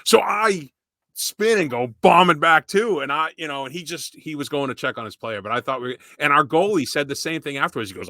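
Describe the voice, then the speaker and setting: A man's voice: a little high, animated, a little fast, sharp tone, no room sound, clean studio sound. A middle-aged man co-hosting a podcast, rambling through stories with swearing and laughs. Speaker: podcast co-host. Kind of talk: casual chat.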